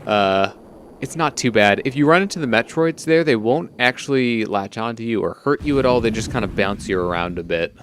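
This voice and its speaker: A young man giving casual, relaxed gameplay commentary, rambling with many fillers. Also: mid-range voice, fairly quick, slight background noise. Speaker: let's play commentator.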